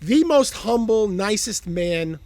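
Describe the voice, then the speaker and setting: A man's voice: sits high, animated, takes it slowly, darkish tone. A middle-aged man in a band, hosting a loose live Q&A, telling tour stories with lots of swearing. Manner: laid-back, swears freely, laughs through stories. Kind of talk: casual chat.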